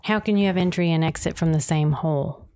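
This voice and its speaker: A woman's voice: low-pitched, a little fast, a little mellow. A woman co-hosting a podcast, bantering casually with her partner in a teasing, exasperated way and laughing often. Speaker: podcast co-host.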